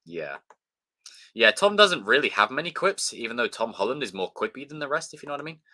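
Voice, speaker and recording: A young man hosts a live stream in a bright, forceful voice, talking loosely and swearing freely. He runs through thanks to viewers by name in an easy, offhand chat. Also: medium pitch, sing-song, a little fast. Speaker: livestream host.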